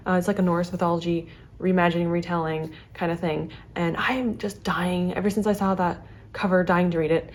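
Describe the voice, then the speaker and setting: A young woman book vlogger talks straight to her camera in a fast, chatty way. Her voice sits a little low for a woman, and she fills her talk with fillers and quick restarts. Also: little pitch movement. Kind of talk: casual chat to camera.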